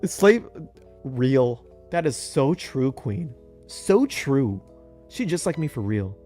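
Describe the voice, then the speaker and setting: Soft music plays behind a young gaming YouTuber as he jokes through a game playthrough. He talks slowly in a darkish voice, speaking to his characters with big swings in pitch.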